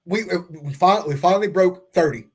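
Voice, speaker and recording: A man with a somewhat high voice co-hosts a post-game sports podcast. He rambles through his thoughts, full of "uh" and "like," looping back to finish them. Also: brisk. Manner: rambling, filler-heavy, chuckling. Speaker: podcast co-host. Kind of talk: excited post-game chat.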